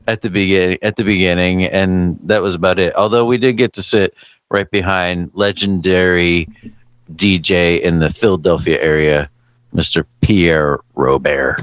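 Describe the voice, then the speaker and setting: A man's voice: sits low, fairly even intonation, normal speed, a bit bright, no room sound, dull audio. A man co-hosting a casual podcast chat, telling stories in a dry, wry way. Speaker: podcast co-host.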